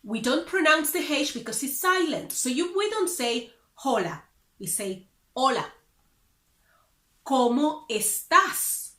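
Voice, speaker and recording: Bright, lively woman Spanish teacher. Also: high voice, echoey room. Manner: upbeat, careful, explains slowly. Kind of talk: beginner language lesson.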